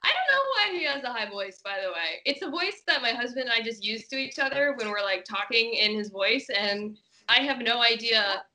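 A woman's voice: a little high, normal speed, bright, forceful tone, low-quality recording. A woman speaking as an interview guest, chatty and candid, with plenty of fillers as she thinks aloud. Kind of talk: casual interview chat.

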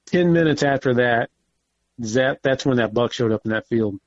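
A man casually telling a hunting story, animated and swearing often as he acts out what people said. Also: medium pitch, normal speed, no room sound, muffled recording. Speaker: podcast guest, hunter.

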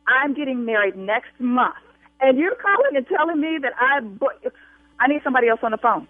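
An angry woman speaks on a phone call, pressing her demands hard and refusing to back down. She talks in firm, forceful bursts. Her voice is squeezed through a thin, dry telephone line. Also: high voice, animated, brisk, no echo. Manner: insistent, increasingly angry and demanding. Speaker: bride called by prank caller.

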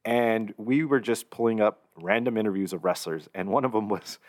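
A man's voice: lowish voice, moderate pace. A man co-hosting a podcast, telling a rambling story in casual chat and laughing often. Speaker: podcast co-host.

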